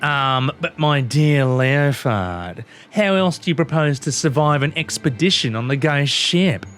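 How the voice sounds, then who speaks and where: A haughty female airship captain, as a man dubbing a game puts her on, speaks in a put-on accent. Her lines sound proud and dismissive, and her pitch rises and falls a lot. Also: expressive, a little slow, fairly bright tone.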